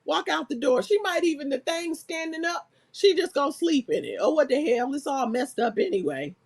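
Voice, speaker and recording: A woman with a high-pitched voice talks briskly as she hosts a casual live stream and reads chat comments aloud. She's animated and laughs constantly throughout.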